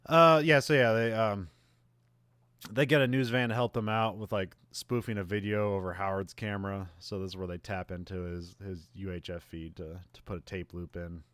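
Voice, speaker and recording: A man chats through a movie plot in a loose, rambling way, breaking into laughter often. His voice sits somewhat low. The sound is dry and close, with no room echo. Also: fairly even intonation, normal speed, a bit bright, clean tone. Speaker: podcast co-host. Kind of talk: casual movie recap chat.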